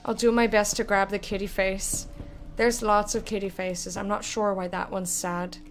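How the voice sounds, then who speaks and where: A woman's voice: medium pitch, flat delivery, normal speed. A young woman streaming a game, chatting casually with viewers, joking and swearing freely as she plays. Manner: chatty, swears often, jokes with chat. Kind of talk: casual gameplay commentary. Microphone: desk mic with headphones. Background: music.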